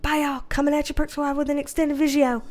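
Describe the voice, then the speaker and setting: This woman's voice sits high, with a level, slightly mellow tone and a fast pace. She's a tarot reader in a casual vlog chat, talking to viewers in a loose, repetitive, chatty way and using baby talk with a puppy.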